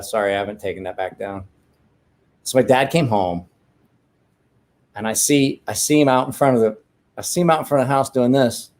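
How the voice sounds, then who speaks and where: A man's voice: medium pitch, darkish tone. A man hosting a casual livestream from home, telling rambling, profane stories while drinking a beer, with frequent restarts. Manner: rambling, profane, self-correcting. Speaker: livestream host. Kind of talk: casual storytelling chat.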